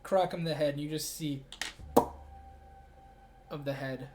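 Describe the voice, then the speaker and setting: A man's voice: on the high side, fairly even intonation, measured pace, noisy background. A man narrating as game master in a casual, easygoing way.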